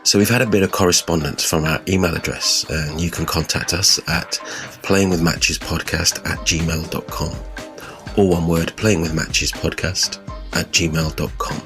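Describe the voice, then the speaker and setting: A man's voice: deep voice, fairly even intonation, normal speed, music in the background. A man hosting a podcast, reading a closing segment and listener emails. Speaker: podcast host. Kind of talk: scripted podcast outro.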